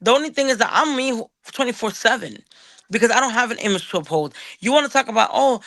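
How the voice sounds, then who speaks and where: A woman delivers a heated, profane call-out, tripping over and repeating her words as her anger builds. Her voice is bright and edged, recorded dry and close with no room around it. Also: a little high, animated, quick pace, no echo. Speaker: guest on a streamer's show.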